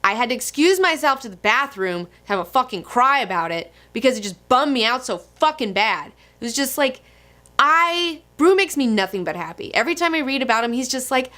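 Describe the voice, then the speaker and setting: Bright-voiced, excitable young woman. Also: high-pitched, fairly quick. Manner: gushing, excitable and profane. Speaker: comic book reviewer. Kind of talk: casual commentary.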